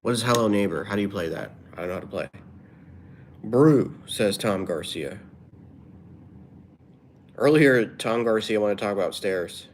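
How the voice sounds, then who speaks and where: A man's voice: on the low side, moderate pace, long pauses, slight background noise. A man livestreaming, reading viewers' comments aloud and answering them in a rambling, offhand way. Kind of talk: casual livestream chat.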